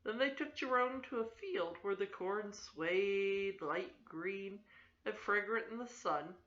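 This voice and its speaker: Older woman, grandmother reading a storybook, gentle, steady, echoey room, dull lo-fi sound. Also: mid-range voice, slow pace. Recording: roomy, slightly dull home recording.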